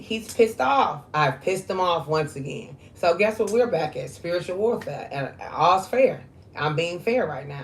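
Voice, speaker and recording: Low-voiced woman in her 40s, chatty and candid, real loose with the um's. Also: slight background noise. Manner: candid and conversational, with frequent fillers. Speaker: spiritual reader. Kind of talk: casual spiritual monologue.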